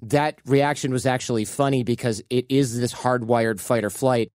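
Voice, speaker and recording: A male podcast host talks in a relaxed way, telling anecdotes and thinking aloud. His mid-pitched voice sits close and dry, with no room sound around it. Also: moderate pace, no room sound. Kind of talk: conversational interview.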